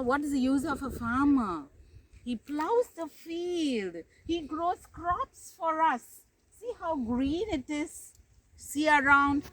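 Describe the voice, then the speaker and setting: Indian english lady teacher out in a village field, slow sing-song voice, asks the kids lots of questions. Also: sits high, slight background noise, rough recording. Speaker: kindergarten teacher. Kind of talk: outdoor nature talk to young children.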